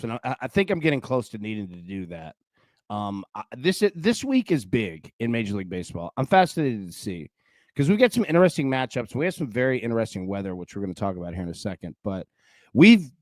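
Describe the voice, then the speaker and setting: A young man hosting a casual live sports-betting show, chatty and animated, calling people "dude" and "man". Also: medium pitch, no room sound, clean studio sound. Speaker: host.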